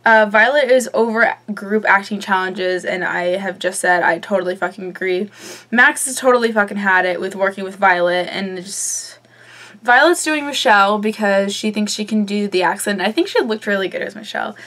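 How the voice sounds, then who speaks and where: A woman's voice: mid-range voice, normal speed, fairly bright tone. A young woman vlogger chatting casually through a recap, with lots of ums and offhand swearing.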